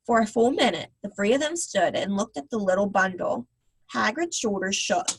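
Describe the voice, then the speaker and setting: A woman reading a children's book aloud on a live video call, with a gentle, expressive manner. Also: medium pitch, normal speed, slightly rough, poor audio. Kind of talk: read-aloud storytelling.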